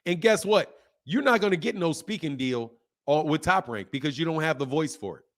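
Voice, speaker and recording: A man with a fairly high, animated voice hosts a boxing channel and talks fairly quickly. He rants at his viewers in a heated, profane way, hammering the same points again and again and reading their comments aloud.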